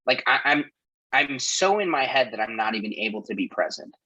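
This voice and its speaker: Guest, male coach, candid and emotional, bright tense voice, muffled lo-fi sound. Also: mid-range voice, animated, brisk, husky. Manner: open, emotional storytelling. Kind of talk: casual chat.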